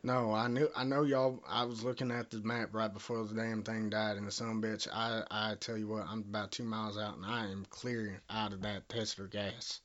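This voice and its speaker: A man's voice: lowish voice, flat delivery, a little fast, few pauses, fairly bright tone. A man with a Southern US accent making a prank phone call, rambling, bumbling and cursing as he talks. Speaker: prank caller.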